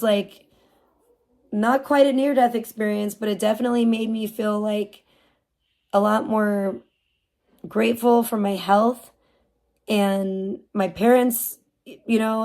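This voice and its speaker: A woman in her forties telling a long personal story on a live stream, rambling and animated, with lots of "like" and restarts. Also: mid-range voice, gravelly. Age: 40s. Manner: rambling, animated retelling with frequent "like". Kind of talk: casual storytelling.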